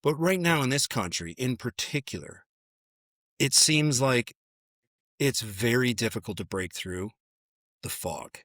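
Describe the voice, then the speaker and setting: A man's voice: mid-range voice, expressive, measured pace, long pauses, fairly bright tone, no room sound, studio quality. A man hosting a podcast who asks questions with energy and often restarts his sentences. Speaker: podcast host. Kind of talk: casual interview conversation.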